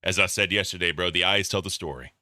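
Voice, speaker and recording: A man's voice: low voice, fast, pushed and bright, no room sound, clean studio sound. A man giving mocking, profane reaction commentary, talking to his chat. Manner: addresses chat as bro. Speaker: streamer reacting to clips.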